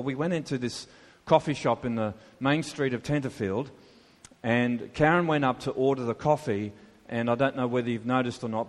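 A man preaching a sermon, conversational, with many rhetorical questions to the congregation. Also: medium pitch. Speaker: pastor. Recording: long hall reverb.

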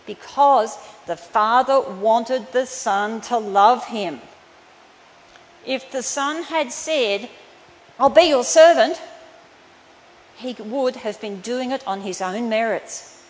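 A woman's voice: on the high side, slow. A woman preaching a sermon in an earnest, emphatic way that turns tender. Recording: reverberant hall, faint room noise.

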